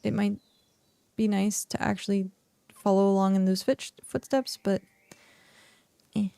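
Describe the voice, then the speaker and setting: A woman streams a game in casual chat, hiccuping and yawning as she thinks aloud with fillers and sentences that fade out. Her medium-pitched voice is creaky yet warm, clear, and resonant, with fairly even intonation and a measured pace. It is a dry recording.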